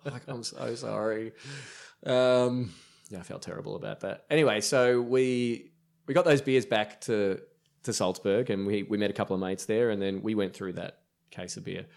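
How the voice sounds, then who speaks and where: Low-voiced Australian man telling stories. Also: normal speed, vocal fry, a little mellow. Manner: rambling, filler-heavy anecdotes. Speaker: brewer guest. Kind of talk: casual podcast storytelling.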